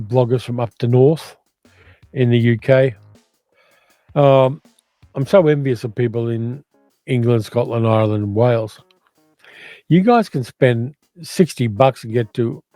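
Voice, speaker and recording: A man's voice: mid-range voice, dark tone, no room sound. An older man with an educated Australian accent, chatting casually as a livestream host while reading out viewer comments and musing on them. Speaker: movie channel host reading live chat.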